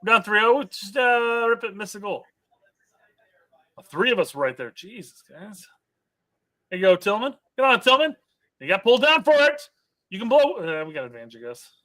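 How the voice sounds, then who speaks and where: A man co-hosts a soccer watch-along, breaking down plays and reading viewer comments in a chatty way. His voice is high and bright. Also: big pitch swings, normal speed, pauses often. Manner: chatty, analyzes plays and reads chat comments aloud. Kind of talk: casual live match watch-along chat.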